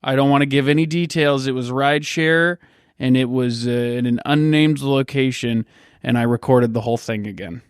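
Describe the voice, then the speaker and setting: A man's voice: mid-range voice, normal speed, clear, resonant tone, no echo, studio quality. A man co-hosting a podcast in an apartment, talking casually with a teasing, sarcastic edge. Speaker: podcast co-host. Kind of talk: casual chat.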